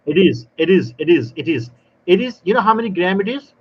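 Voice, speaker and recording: A man talking as a guest expert in a live panel, telling lively stories and explaining in non-native grammar, often acting out little exchanges. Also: sits high, brisk, husky, lo-fi sound. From South Africa. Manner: animated storyteller, non-native grammar, acts out dialogue. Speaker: barista trainer guest.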